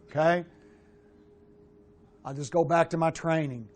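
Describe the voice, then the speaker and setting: Middle-aged male QB coach, blunt and animated, slightly higher voice, swears casually while breaking down film. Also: moderate pace, pauses often. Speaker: quarterback coach.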